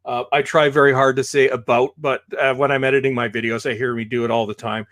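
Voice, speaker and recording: A man's voice: medium pitch, level tone, quick pace, fairly bright tone. A man with a Canadian accent, a guest in a casual chat, talking hesitantly and poking fun at himself. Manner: hesitant, many fillers and restarts, self-deprecating. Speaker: podcast guest.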